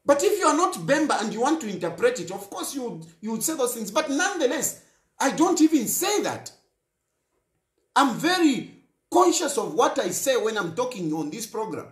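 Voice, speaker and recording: A man's voice: very high-pitched, sing-song, normal speed, echoey room. A Zambian man hosting a talk show, speaking in an impassioned political monologue and repeating phrases for emphasis.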